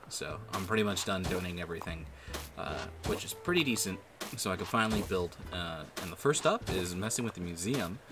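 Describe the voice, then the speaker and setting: A man giving casual, rambling gameplay commentary, with lots of fillers and swearing. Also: deep voice. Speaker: gaming video creator. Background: background music.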